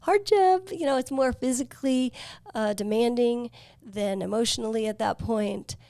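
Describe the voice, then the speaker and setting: Woman, 50s, podcast host, earnest reflective storytelling, gravelly fry, dry close mic. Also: fairly high pitch, warm tone, no echo. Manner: earnest, reflective, with fillers and pauses. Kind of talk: personal storytelling.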